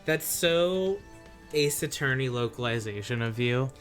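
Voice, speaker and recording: A man's voice: medium pitch, lively intonation, measured pace, soft background music. A man co-hosting a game stream, teasing and laid-back in casual chat. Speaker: streamer co-host.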